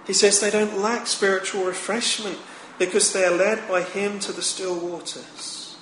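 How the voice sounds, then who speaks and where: A man preaching a sermon in a slow, measured, solemn manner, with emphatic rises on key lines. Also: high voice, level tone, a bit bright. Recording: echoey room with faint ambient noise.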